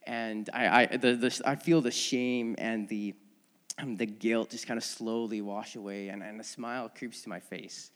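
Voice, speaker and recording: A man's voice: fairly low pitch, fairly even intonation, moderate pace, a bit bright. Man preaching in a reverberant church. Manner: earnest, with frequent restarts and storytelling. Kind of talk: sermon. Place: church sanctuary.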